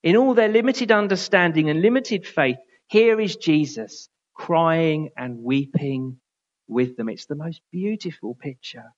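A man's voice: on the high side, measured pace. Earnest male preacher, lo-fi recording. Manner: earnest, softening to a hush on key words. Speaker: pastor. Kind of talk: sermon.

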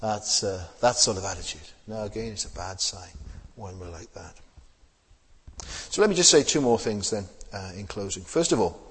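Man preacher, lively rhetorical sermon delivery, slightly husky, church hall reverb. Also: fairly low pitch, moderate pace. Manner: conversational, asks rhetorical questions, repeats words.

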